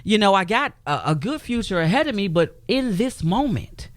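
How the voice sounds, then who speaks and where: A woman's voice: mid-range voice, very animated, normal speed, dry recording. A woman tells her story as a talk-show guest, her mid-range voice leaning hard on the key points and slipping into the voices of the people she quotes. The sound is close and dry, with no room around it. She sounds like a radio studio guest. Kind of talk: personal testimony in a radio interview.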